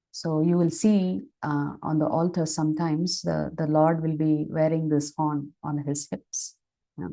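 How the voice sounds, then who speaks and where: Brief: woman scripture teacher, unhurried devotional storytelling, lowish voice. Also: gravelly, mellow, low-quality recording. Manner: measured retelling with frequent fillers. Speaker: spiritual teacher. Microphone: online session microphone.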